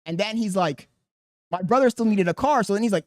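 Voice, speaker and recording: A young man hosting a podcast, telling a profane story in a casual, animated way. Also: sits high, brisk, dry recording, studio quality. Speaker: podcast host.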